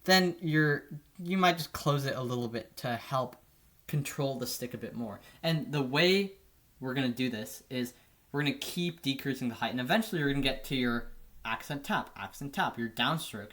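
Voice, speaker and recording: Relaxed man teaching drum technique. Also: medium pitch, moderate pace. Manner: relaxed, repeats "right?" often. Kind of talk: casual instructional explanation.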